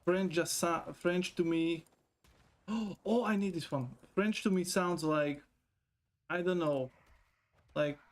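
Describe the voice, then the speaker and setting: A man chatting on a live stream in a loose, rambling way, his voice sitting a little high for a man. He swears freely, laughs often and reads viewers' messages aloud from a desk mic. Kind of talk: casual live-stream chat.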